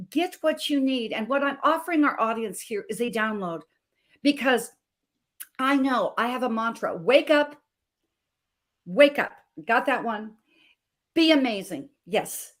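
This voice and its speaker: A middle-aged woman from Montana, a health coach and guest, telling her story emphatically and with feeling. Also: high voice. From Montana, USA. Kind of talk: personal testimony on a talk show.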